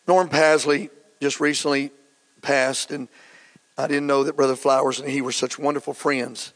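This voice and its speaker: A middle-aged man preaching a sermon as pastor, fervent and building to shouts. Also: medium pitch, flat delivery, normal speed. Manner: fervent, rising to shouts, acts out quotes.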